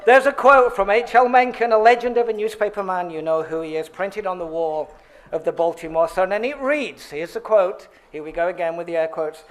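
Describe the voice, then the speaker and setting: Speaking briskly in a high voice, the man reads an award tribute from a podium. He is the presenter at an awards dinner in a banquet hall, and he drops playful asides and chuckles at what he has written.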